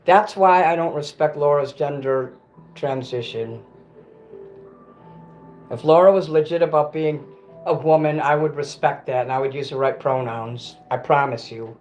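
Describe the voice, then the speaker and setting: A man's voice: a little high, darkish tone. A man on a casual livestream, ranting bitterly and cursing, often stopping to correct himself. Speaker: livestream host.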